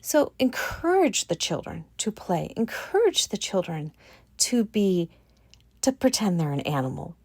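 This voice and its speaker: A woman giving a casual commentary monologue on her channel, animated and incredulous, repeating her points for emphasis. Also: medium pitch, unhurried, husky, dry recording. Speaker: vlogger.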